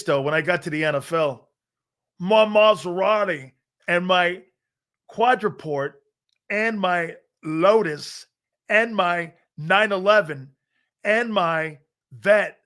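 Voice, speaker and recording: Middle-aged man, sports talk host, brash storyteller, swears freely, slightly high voice. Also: a bit bright. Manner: boastful, profane, laughs often. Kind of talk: casual storytelling chat.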